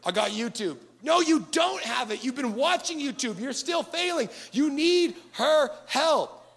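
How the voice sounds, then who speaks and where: A man preaching a sermon with animated delivery and acted-out asides. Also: very high-pitched, measured pace, gravelly. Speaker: pastor.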